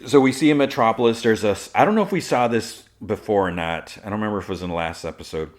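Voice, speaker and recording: A man's voice: lowish voice, fast. A man hosting a podcast, recapping an episode in a casual, rambling way with lots of fillers and restarts. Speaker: podcast host.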